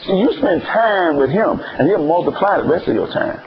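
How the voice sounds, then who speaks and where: Southern man preaching, lively swooping pitch, fairly high voice, slightly dull recording. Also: normal speed, a crowd in the background. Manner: playful, animated, call-and-response preaching. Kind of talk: sermon.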